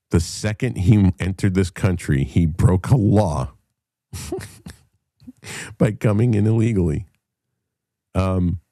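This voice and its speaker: A man's voice: sits low, warm tone, no echo, clean studio sound. A man hosting his own talk show, telling a story in a heated, profane manner. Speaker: podcast host. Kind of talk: casual talk-show monologue.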